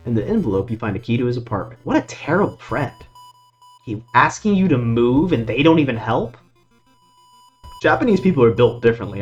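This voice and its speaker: A man streaming a horror board-style game, reading its text aloud and reacting with casual jokes and swearing. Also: medium pitch. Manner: animated, swears casually, jokes at his own bad luck. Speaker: gaming streamer. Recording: dull lo-fi sound with faint music behind.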